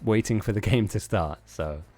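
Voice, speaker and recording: A man's voice: on the low side, normal speed, a little mellow, soft background music. A man hosting a live-streamed game tournament, chatting casually in a rambling, self-mocking way with frequent laughs.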